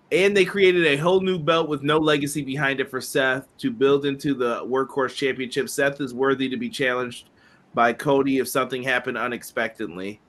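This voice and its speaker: Relaxed man reading out chat comments. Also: medium pitch. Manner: relaxed, reads viewer comments aloud, chuckling. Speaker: podcast co-host reading chat. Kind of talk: casual podcast chat.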